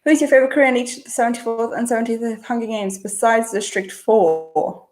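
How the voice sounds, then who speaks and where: A young woman hosting a casual livestream, reading out chat questions and answering in a relaxed, chatty way, thinking aloud before she replies. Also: fairly high pitch, fairly quick. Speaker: channel host.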